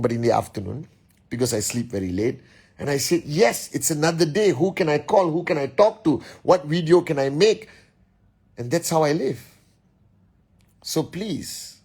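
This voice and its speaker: A man hosting a livestream, giving a forceful motivational talk to his team and calling out shout-outs to viewers. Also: fairly high pitch, husky. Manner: forceful, exhorting, rapid-fire shout-outs. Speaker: business leader hosting a livestream.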